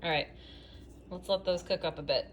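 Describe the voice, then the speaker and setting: A woman's voice: lowish voice, moderate pace, heavy background noise. A woman hosting a casual home cooking video, chatty and bubbly with playful asides, in her home kitchen.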